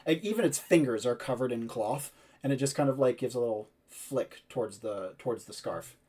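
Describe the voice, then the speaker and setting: A man's voice: medium pitch, animated, fairly quick, warm tone. A man narrating as game master of a tabletop role-playing game, describing scenes loosely with many fillers.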